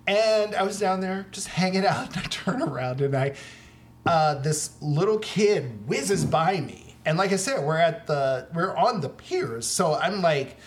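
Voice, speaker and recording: Lively, laughing man telling stories. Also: fairly high pitch, measured pace. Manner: animated storyteller, laughs often. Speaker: podcast co-host. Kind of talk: casual chat.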